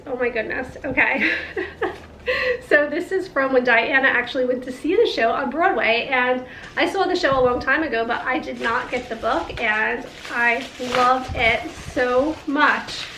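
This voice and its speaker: A woman's voice: high-pitched, a bit bright, a little hiss or hum. A woman in her forties vlogging casually as she opens gifts, gushing and laughing often. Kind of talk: casual vlog, opening gifts. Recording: echoey room with faint ambience.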